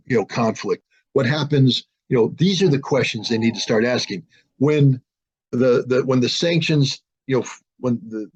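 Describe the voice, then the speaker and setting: A man's voice: medium pitch, a little mellow, husky. A man speaking as an interview guest, blunt and emphatic, often restarting his sentences. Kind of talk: political interview talk. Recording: dull lo-fi audio.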